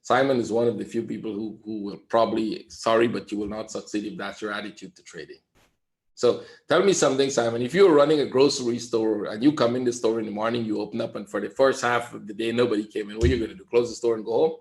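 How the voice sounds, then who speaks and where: A man's voice: on the low side, fast, darkish tone. Male trading coach, lecturing bluntly on a webinar, echoey room sound. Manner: lecturing, blunt, repeats "right?".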